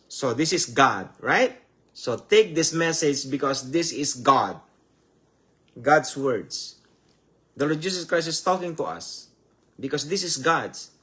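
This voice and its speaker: A man's voice: on the high side, a bit bright. Filipino man preaching, says "my dears". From Philippines. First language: Tagalog. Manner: calls listeners "my dears" over and over, repeats rhetorical questions; loose and conversational, starts phrases over. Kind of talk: live-streamed Bible teaching.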